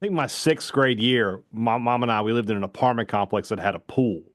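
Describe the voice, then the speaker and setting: A man co-hosting a sports talk radio show, telling stories and giving takes in an animated, fast-bursting way. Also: medium pitch, dry recording, studio quality. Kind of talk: casual sports talk chat.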